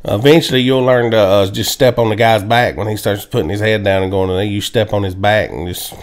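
A man's voice: fairly low pitch, fairly even intonation. Laid-back man, casual football chat. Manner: laid-back, laughs often, drawn-out stories. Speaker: podcast co-host. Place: home, indoors.

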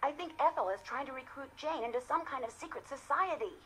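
A woman's voice: high voice, expressive, fairly quick, crowd noise. A young actress voicing a curious young female detective in an adventure game, earnest and inquisitive.

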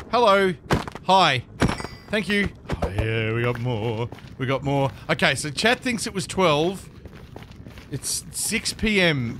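A man commentating live gameplay, excitable and chattering to the creatures in his game. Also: sits high, a little hiss or hum. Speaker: gaming streamer.

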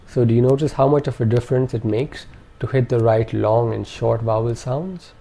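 A man calmly narrating a pronunciation lesson with measured, precise enunciation. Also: mid-range voice, vocal fry. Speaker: language teacher. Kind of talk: instructional narration.

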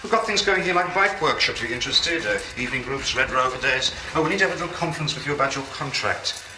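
Actor as a fussy care-home boss, quick and lively speech, echoey noisy film track. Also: male voice, medium pitch, far from the mic, close to an everyday voice. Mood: officious. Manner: fussy and hesitant. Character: flustered officious male care-home administrator. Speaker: deputy superintendent. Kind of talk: film drama acting.

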